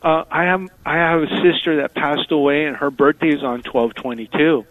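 Male caller from South Texas, halting delivery, on a dry tinny phone line. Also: on the high side, fairly even intonation, no echo. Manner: halting, many pauses and fillers. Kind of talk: call-in radio chat.

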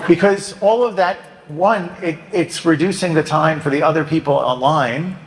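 Joking priest preaching in an echoey church. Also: male voice, fairly high pitch, slight background noise. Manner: conversational, joking, acts out penitents and himself. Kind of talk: sermon. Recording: echoey church with long reverb.

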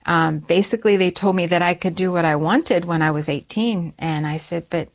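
A middle-aged woman telling a personal story in an interview, animated and often restarting her words, jumping higher when she quotes herself. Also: normal speed. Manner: animated, rises high when quoting herself; frequent restarts and repeated words.

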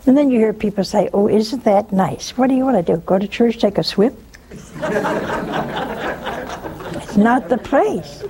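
An older woman hosting a religious call-in show, talking in an animated, scolding way with mocking asides. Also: a little slow, long pauses, slight background noise. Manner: animated, scolding and mocking with sudden pitch jumps.

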